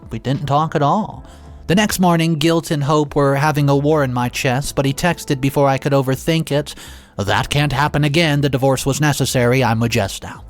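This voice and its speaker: Expressive male story narrator, slightly high voice. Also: smooth. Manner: expressive, dramatic reading with occasional restarts. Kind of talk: first-person story narration.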